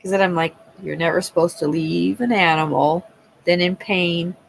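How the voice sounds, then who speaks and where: A woman in her thirties chatting with viewers on a livestream. Her voice has a gravelly fry, and she talks loosely, swearing and laughing as she goes. A faint hiss sits under the recording. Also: lowish voice, steady tone, normal speed, low-quality recording. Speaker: livestream host. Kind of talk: casual chat with live viewers.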